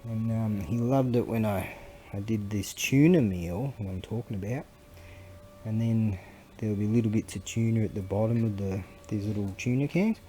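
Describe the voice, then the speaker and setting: A man's voice: fairly low pitch, moderate pace, dark tone, slight background noise. Rambling man vlogging. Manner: rambling, chatty, laughs often, talks to himself. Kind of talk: casual rambling vlog.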